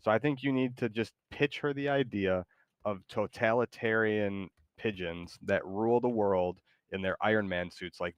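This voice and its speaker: Guy streaming a shooter game, lowish voice, rambly with lots of likes and ums, faint clicks behind. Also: slight background noise. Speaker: streamer playing a battle royale game. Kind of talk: casual stream chat.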